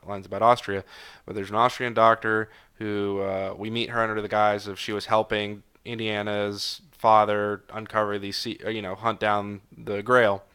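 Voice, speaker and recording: A man's voice: lowish voice, bright, forceful tone, clean tone. A tired man in his twenties hosting a casual solo podcast, rambling with lots of fillers and self-corrections. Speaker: podcast host. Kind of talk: casual solo review chat.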